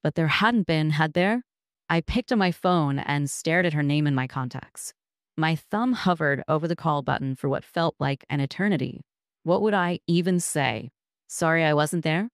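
Low-voiced woman narrating a story. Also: lively intonation, dry recording, clean studio sound. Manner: measured, reflective storytelling. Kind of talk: first-person story narration.

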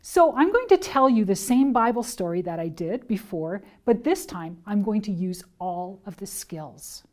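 A woman training teachers and parents, speaking in a clear, deliberate, teacherly way. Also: medium pitch, animated, darkish tone. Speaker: children's ministry trainer. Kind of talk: instructional talk to teachers and parents.

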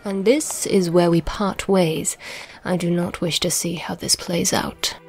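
An actress playing a gentle, affectionate noblewoman in an audio drama. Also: lowish voice, fairly even intonation, a little slow, slight background noise. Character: noblewoman companion, fond of Merlin.

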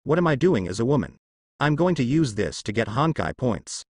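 Storybook teen boy ninja, brash and excited, lively pitch , read by a man. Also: moderate pace, slightly rough, no echo, clean studio sound. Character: cocky teenage boy ninja, scheming.

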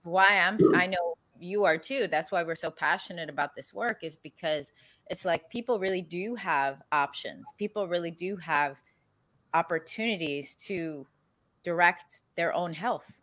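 A woman with a slightly low voice hosts the interview. She talks in a chatty, casual way and often says "like". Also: moderate pace, a bit bright. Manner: chatty, uses many fillers. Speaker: host.

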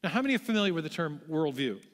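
A man's voice: a little high, sing-song, rapid-fire. A man giving a public lecture to a large audience, telling history as a story with self-deprecating asides. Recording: long hall reverb.

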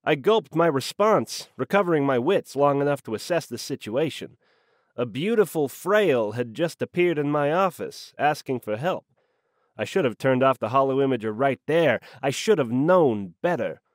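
A man narrating a hard-boiled noir audiobook in a wry, slangy, deadpan manner on a close microphone. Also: mid-range voice, moderate pace, no echo.

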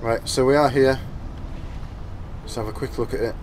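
A man giving let's-play commentary over his gameplay, excitable and exclaiming, at times mumbling. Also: mid-range voice, moderate pace, a little hiss or hum. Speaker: gaming channel host.

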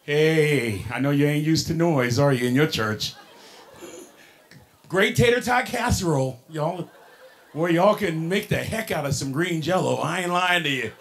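A man's voice: fairly high pitch, a little slow. A man with a Texan accent giving a motivational keynote, folksy and playful, leading the audience in call-and-response. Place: large hall with live audience.

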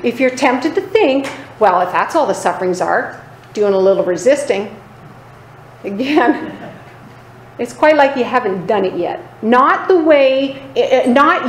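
A woman preaching with a fairly high voice, pressing her points and checking in with her listeners as she goes. She slips into lower, quieter voices to mimic other people. The room echoes, and faint noise sits underneath. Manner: emphatic, repeatedly asking "Right?" for agreement. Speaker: Bible teacher. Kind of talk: sermon.

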